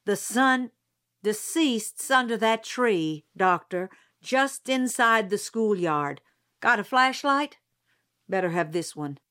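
A woman voicing a gruff, stubborn small-town male sheriff in a spoken audiobook, slow and insistent. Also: mid-range voice, expressive, pushed and bright. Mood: brisk.

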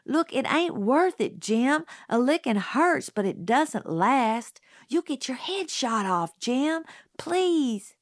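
A woman's voice: a little slow, no echo, studio quality. A woman doing a pleading little girl. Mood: desperate. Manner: pleading, high and pressing. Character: young girl, pleading, anxious little sister. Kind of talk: audiobook character voice.

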